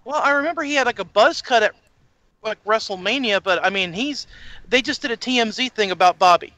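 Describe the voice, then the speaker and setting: A man co-hosting a casual wrestling talk podcast, excitable, stumbling over words and swearing freely. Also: high-pitched, a little fast, no room sound. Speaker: podcast co-host.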